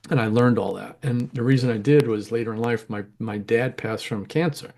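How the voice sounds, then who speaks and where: A man's voice: mid-range voice, fairly quick, vocal fry, darkish tone. A middle-aged man telling rambling, candid stories in an interview, often correcting himself mid-sentence. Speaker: interview guest, home grower. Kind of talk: casual storytelling interview.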